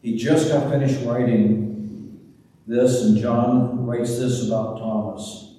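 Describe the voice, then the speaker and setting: A pastor delivers a slow, deliberate sermon and retells scenes with drama. His voice carries through a long, reverberant church hall. The mic sits well away from him, with faint room ambience behind. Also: mid-range voice, steady tone, warm tone, distant mic, slight background noise.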